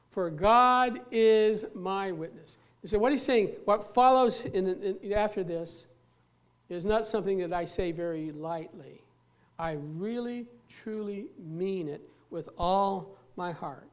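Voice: medium pitch, a little mellow. Earnest pastor preaching a sermon. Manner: earnest, emphatic, slows down to stress key words; repeats and restarts phrases while preaching.

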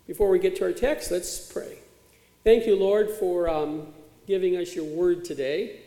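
A man's voice: sits high, fairly even intonation, a little slow, dark tone. A man preaching a sermon as pastor, in a plain conversational way with occasional fillers, recorded in a church sanctuary. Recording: echoey church hall.

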